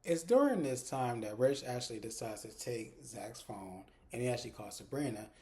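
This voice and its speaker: A man talks through a TV episode in a loose, conversational recap. He strings scenes together with plenty of "like" fillers and sounds relaxed. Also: medium pitch, moderate pace. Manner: chatty retelling, many "like" fillers. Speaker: TV episode reviewer.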